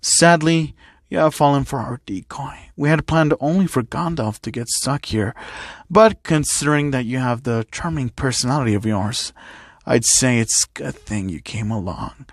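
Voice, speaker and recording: A man's voice: mid-range voice, moderate pace, no room sound, studio quality, close to an everyday voice. A man doing a taunting masked villain. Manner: taunting, mocking. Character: sneering masked male villain seeking revenge.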